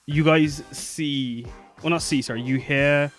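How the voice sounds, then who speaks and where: A man's voice: a little high, fairly even intonation, a little slow, faint music behind. A man narrating a tabletop game as game master, rambling and correcting himself as he goes.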